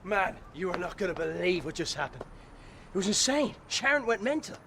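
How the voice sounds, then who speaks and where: Gossipy Irish officer, high voice, animated. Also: fast, slight background noise, heavily acted. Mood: excited gossip. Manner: loud and excited, shouting. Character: excitable, gossipy young police officer. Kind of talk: TV crime drama acting.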